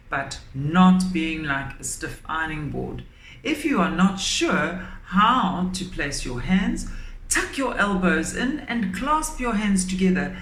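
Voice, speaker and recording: A woman teacher giving a lesson for children, speaking clearly and deliberately and stressing key words. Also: on the low side, expressive. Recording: echoey room, faint background noise.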